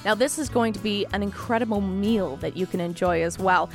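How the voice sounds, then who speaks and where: A woman's voice: medium pitch, fairly quick, faint music behind. Wry woman hosting a news roundup. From Canada. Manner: wry, joking asides. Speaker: podcast host.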